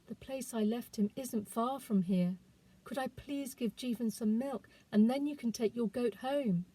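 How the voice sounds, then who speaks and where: A woman's voice: fairly high pitch, a little slow, warm tone, breathy edge, pitched above the performer's own voice. A woman reading the lines of a determined young village girl on a desperate journey, in an urgent, pleading voice. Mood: earnest.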